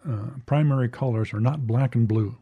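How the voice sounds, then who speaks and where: A man hosting a religious commentary podcast, talking in a conversational way with fillers and reading quotes slowly and deliberately. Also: medium pitch, breathy edge, muffled recording. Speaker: podcast host.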